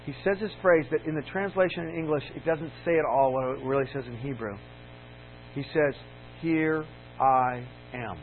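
A man's voice: on the high side, steady tone, a little fast. A man preaching a sermon as a campus minister, candid and storytelling, building to emphatic peaks. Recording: tinny lo-fi sound with faint mains hum.

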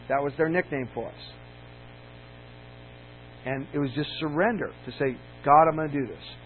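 A man preaching a sermon as a campus minister, candid and storytelling, building to emphatic peaks. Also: a little high. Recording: tinny lo-fi sound with faint mains hum.

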